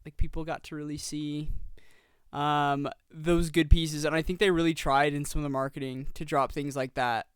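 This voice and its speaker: A young man in his twenties co-hosting a podcast, chatting excitedly about a film and rambling through his points. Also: a little high, moderate pace, clear, resonant tone, dry recording, studio quality. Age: 20s. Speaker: podcast co-host. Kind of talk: casual film review chat.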